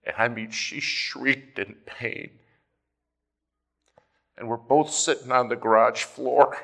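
A male preacher giving a sermon, telling a personal story in an animated way and swinging between quiet and loud passages. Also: medium pitch, takes it slowly, creaky.

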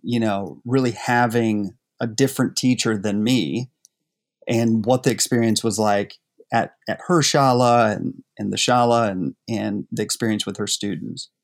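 Low-voiced man asking rambling questions. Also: steady tone, a little slow, vocal fry. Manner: rambling, hesitant questions with many fillers. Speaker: interview host. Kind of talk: casual interview questions.

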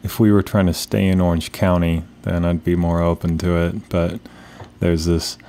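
A man co-hosting a podcast in casual chat. His voice is very deep and stays flat, with little rise or fall. He tosses in dry jokes and swears now and then. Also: moderate pace. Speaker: podcast co-host.

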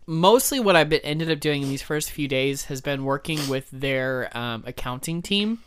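A man co-hosting a casual podcast, telling an excited, rambling story. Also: a little high, moderate pace, slight background noise. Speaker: podcast co-host. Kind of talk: casual chat.

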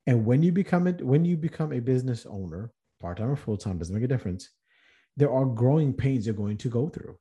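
A man's voice: medium pitch, animated, fairly quick, dark tone. A man hosting a podcast, speaking in an earnest motivational monologue with rhetorical questions and frequent restarts. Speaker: podcast host.

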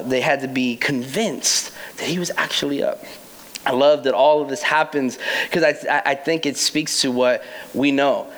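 A man's voice: on the high side, fairly bright tone, poor audio. A young adult man preaching a casual, playful sermon as pastor, acting out quoted voices with laughs.

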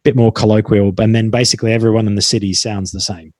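A man's voice: lowish voice, steady tone, fast talker, a little mellow, dry recording. An Australian man hosting a casual podcast interview, with a laid-back, jokey, matey manner. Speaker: podcast host.

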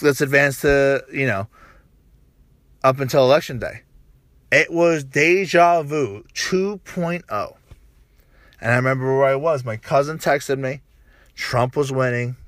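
A man delivering a profane, animated political rant, tagging his points with "right?" and restarting sentences. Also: mid-range voice, no echo, studio quality. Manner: frequent "right?" tags and restarts. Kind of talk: casual political monologue.

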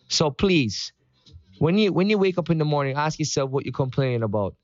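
A man's voice: on the high side, expressive, fairly quick, no room sound. Guy doing a pumped-up motivational morning talk, kinda preachy, dry lo-fi recording. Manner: preachy and upbeat, with sung greetings.

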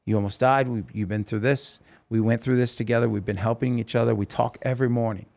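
A man's voice: mid-range voice, steady tone, quick pace, gravelly, a little mellow. A man telling his story as a podcast guest, rambling and emotional, with many fillers. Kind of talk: casual storytelling interview.

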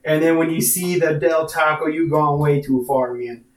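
A laid-back young Californian guy, as a man puts him on gives directions in a slangy, easygoing way. The voice sits a little high. The recording has a roomy echo. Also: fairly even intonation, normal speed, recorded from a distance, a little hiss or hum, natural voice. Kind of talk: comedic voice impression.

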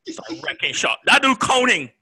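A man's voice: extremely high pitch, normal speed, very noisy. A young man co-hosting an anime podcast, chatting casually and acting out his friends with laughter. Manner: animated, laughing, acts out quoted friends. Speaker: podcast co-host. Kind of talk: casual chat.

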